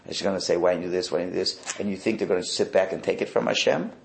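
A man, a rabbi, teaching a Torah class in a wry, animated way, sprinkling in Hebrew and Yiddish words. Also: low-pitched, rapid-fire, vocal fry, a little hiss or hum.

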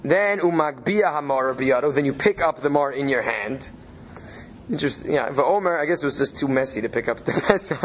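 A man's voice: medium pitch, lively intonation, fairly quick, a little hiss or hum. A man leading a study session, reading out Hebrew phrases and translating them as he thinks aloud. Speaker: Torah study leader.

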